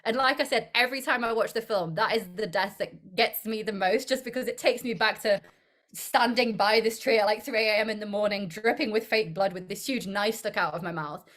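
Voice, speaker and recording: A woman's voice: mid-range voice, fairly quick, fairly bright tone. Upbeat young woman, laughing often. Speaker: actor interviewed as guest. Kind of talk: casual interview chat.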